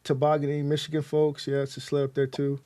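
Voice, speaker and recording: A man's voice: a little high, completely flat delivery, a little fast, mellow, no echo. A man from Texas chatting casually on a livestream, rambling with many fillers and repeated words.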